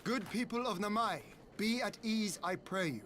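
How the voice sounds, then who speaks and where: A man's voice: sits high, normal speed, a bit bright, a little hiss or hum. An actor playing an earnest young male retainer in a game, speaking in a formal, old-fashioned way. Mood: reassuring. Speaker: game character.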